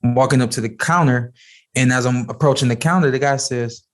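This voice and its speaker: A man's voice: mid-range voice, a little fast. Man telling a story on a podcast. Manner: storytelling, animated when quoting people. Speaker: podcast host, boxer. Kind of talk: casual chat.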